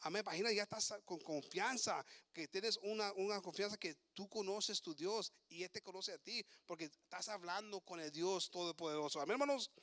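A man with a high, ringing voice preaching a sermon in both English and Spanish. He flips between the two languages, stumbles over repeated words, and rises to fervent shouting. The sound is close and dry, with no room echo. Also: quick pace, few pauses. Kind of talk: bilingual sermon.

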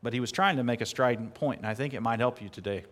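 A man preaching a sermon earnestly, at times building to emphatic, louder peaks. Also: mid-range voice, fast talker. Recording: long hall reverb.

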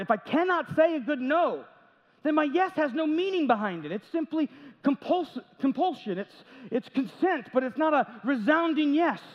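A man preaching a sermon as pastor, talking conversationally, with jokes and little acted-out quotes. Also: very high voice. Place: large church sanctuary. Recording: dull audio with long church reverb.

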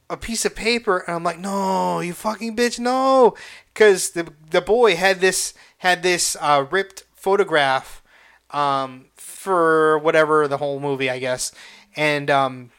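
A man hosting a casual solo podcast, retelling a movie with heavy swearing and halting restarts, emotional and excitable. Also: high voice, smooth. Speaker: podcast host.

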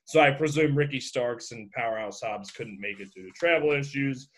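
Casting note: male podcast co-host, casual rambling recap, mid-pitch. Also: normal speed. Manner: rambling, many fillers and restarts.

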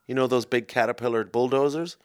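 A man hosting a comedy podcast, rambling excitably from one silly tangent to the next. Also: medium pitch, brisk, clean tone. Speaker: podcast host. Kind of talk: rambling comic chat.

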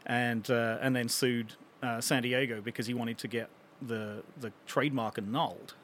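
A man's voice: medium pitch, fairly even intonation, normal speed, a bit bright, slight background noise. A man chatting casually on a panel, rambling and wry as he talks. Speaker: convention panelist and vendor.

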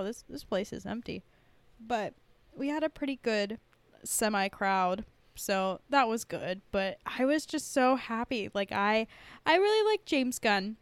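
Woman podcast host, casual and chatty, bright laughing energy, slightly high pitch, dry close sound. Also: clean tone, dry recording. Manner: bubbly and chatty, laughs easily. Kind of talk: casual chat.

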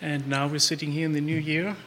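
A man from Germany with a German accent, a guest talking in a casual chat, with halting, restarting storytelling. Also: fairly high pitch, level tone, fairly bright tone, long reverb tail, slight background noise.

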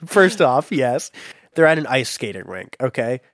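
A man's voice: medium pitch, very animated, dry recording, studio quality. A man co-hosting a casual comedic chat, spinning long silly made-up plots. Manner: spins long silly made-up plots, puts on quick voices.

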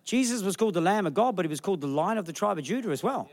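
A man's voice: high voice, rapid-fire. A middle-aged man preaching a sermon as a pastor, telling jokey stories and putting on voices for the people he quotes. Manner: jokey, animated storytelling with put-on quoted voices.

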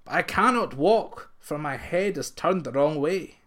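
A man's voice: fairly high pitch, animated, a little slow, fairly bright tone. A man voicing a talking distaff that politely regrets it cannot help. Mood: regretful. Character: willing but stuck old distaff.

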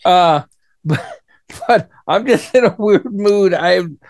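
A sleep-deprived man co-hosting a chatty podcast, with a fairly high voice. He sounds fidgety and offhand, tossing in short replies. The sound is dry and close, with no room echo. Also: slow. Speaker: podcast co-host. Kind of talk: casual pop-culture chat.

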